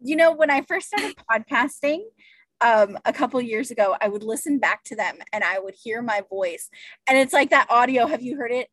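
Woman host, high lively voice, laughs a lot, dry close sound. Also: normal speed, no room sound. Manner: laughs often, expressive. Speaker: podcast host. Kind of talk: casual chat.

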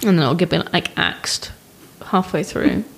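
A woman's voice: lowish voice, measured pace, gravelly, low-quality recording. Playful comedian woman. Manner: playful, riffing jokes. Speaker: comedian guest. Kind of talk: casual chat.

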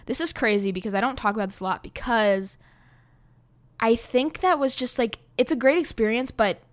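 A young woman telling a personal story to camera in a casual, rambling way, full of "like" fillers and swearing, getting excitable as she goes. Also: on the high side, moderate pace.

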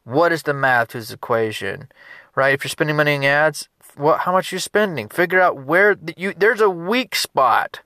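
A man, a business consultant, giving an energetic motivational talk in a conversational, repetitive way. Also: a little high, normal speed, no echo, clean studio sound.

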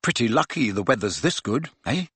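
A man's voice: mid-range voice, expressive, a little fast, fairly bright tone, slightly rough, no echo. A man voicing a teenage boy who speaks in a sly, offhand way.

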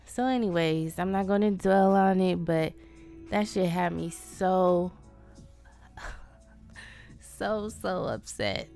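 A woman's voice: fairly low pitch, lively intonation, slow pace, vocal fry, long pauses, darkish tone, faint music behind. A woman hosting her own podcast, venting in a casual, profane, self-deprecating way. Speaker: podcast host. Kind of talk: casual solo podcast monologue.

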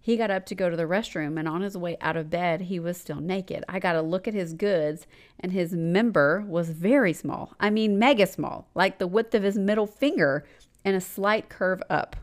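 A woman in her forties co-hosting a casual podcast, reading a listener letter aloud with dramatic pauses and frequent laughter. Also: on the low side. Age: 40s. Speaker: podcast co-host.

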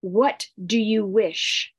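A woman voicing a goddess queen of the underworld who moans in pain and speaks grandly, in a slow storytelling read. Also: mid-range voice, steady tone, slightly rough, no echo. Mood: imperious. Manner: pained drawn-out moans, then grand offers.

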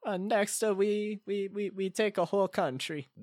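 A man voicing a bumbling, scheming Swedish man in a put-on Swedish accent and broken, halting English. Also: high voice, darkish tone, no room sound, clean studio sound, pitched below the performer's own voice, lightly acted. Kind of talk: comedic improvised call-in character.

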